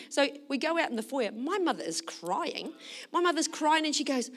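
A woman pastor preaching a sermon, telling a story with lively acted quotes and leading a fervent prayer. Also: sits high, brisk.

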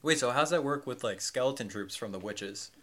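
A man's voice: mid-range voice, fairly quick. A young man co-hosting a casual podcast, asking questions and steering the chat toward wrapping up. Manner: lively, questioning, steers the talk. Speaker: podcast co-host.

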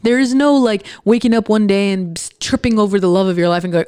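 A woman's voice: medium pitch, quick pace, few pauses, mellow, clean tone, no echo. A young woman hosting a podcast, giving a blunt, profane motivational rant and mocking doubters. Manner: sarcastic, mocks others in put-on voices; profane and emphatic. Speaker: podcast host.

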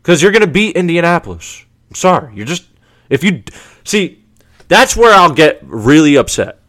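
A male show host gives a casual sports commentary monologue, animated and emphatic, repeating himself and firing off rhetorical questions. His pitch is fairly high and his speed normal.

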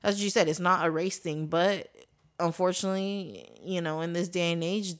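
Woman podcast co-host, lowish voice, casual, fired up and blunt. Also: fairly even intonation, normal speed. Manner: blunt, heated, heavy swearing. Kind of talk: casual chat.

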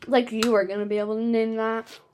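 Young woman, playful, goofy, slightly high voice, casual chat. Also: little pitch movement, brisk, a little mellow, slight background noise. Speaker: quiz asker.

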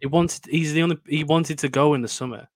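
A man's voice: on the high side, a little fast, no room sound. A young man with a Lancashire accent co-hosting a podcast, chatty and joking, often laughing. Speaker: podcast co-host. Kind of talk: casual chat.

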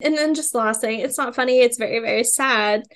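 Young female podcast co-host, high-ish voice, lively casual chat with frequent laughs. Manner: animated, quotes characters in quick asides, laughs often. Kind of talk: casual book-discussion chat.

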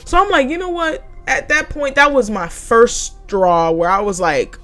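A young woman with a fairly high voice tells a storytime rant, swearing freely and getting heated. Her delivery is casual and animated, and faint music plays quietly behind her. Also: a little slow. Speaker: former retail worker telling her story.

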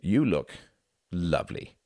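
A man's voice: low voice, huge pitch swings, takes it slowly, creaky, warm tone, no echo, full character voice. An awkward, earnest young Englishman from a storybook reading, voiced by a male narrator. He talks formally with a dry wit, recorded close and dry.

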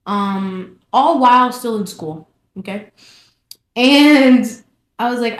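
A young woman casually telling her personal testimony, animated and repeating phrases for emphasis. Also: on the high side, slow pace. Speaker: vlogger sharing her testimony. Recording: echoey room.

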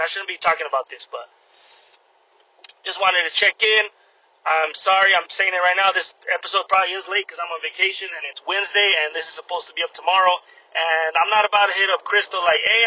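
Bright, husky man ranting with heavy profanity. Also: sits high, dull audio. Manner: animated, profane, acts out both sides of arguments. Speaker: podcast host. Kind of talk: casual storytelling rant.

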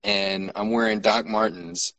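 A man's voice: lowish voice, level tone, a little slow, a bit bright, low-quality recording. A man from Alaska co-hosting a podcast, telling stories in casual chat, swearing freely and laughing often. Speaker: podcast co-host.

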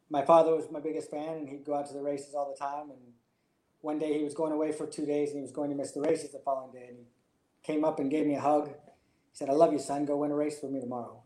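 A man's voice: on the high side, mellow, reverberant, rough recording. A man, a jockey, telling his story in an interview in a reflective, emotional way. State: choked up. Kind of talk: interview answers.

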